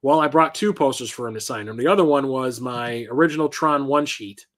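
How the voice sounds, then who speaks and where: A man's voice: mid-range voice, fairly quick, fairly bright tone. A middle-aged man hosting a casual show-and-tell vlog about his collection, telling rambling anecdotes full of fillers and self-corrections. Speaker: collector and channel host.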